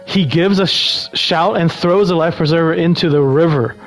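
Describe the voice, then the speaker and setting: Male streamer with a slightly higher voice, casually narrating a game and answering chat. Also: normal speed, faint music behind, poor audio. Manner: relaxed, breaks off to answer chat. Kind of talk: reading game text aloud between casual chat.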